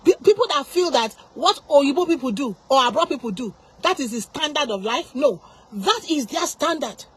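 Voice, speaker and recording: A woman's voice: high voice, animated, normal speed. A woman preaching an informal sermon, impassioned and full of repeated rhetorical questions.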